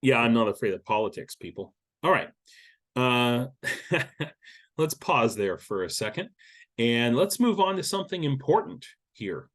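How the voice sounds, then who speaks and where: A man's voice: mid-range voice, very animated, a little slow. A man giving casual news commentary, blunt and sarcastic, with lots of swearing and frequent restarts. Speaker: YouTube war-news commentator.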